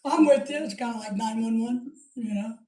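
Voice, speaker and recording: A man's voice: very high-pitched, brisk, dark tone. Man, middle-aged, live stream host, casual rambling chat, jokey, laughs often, roomy echo.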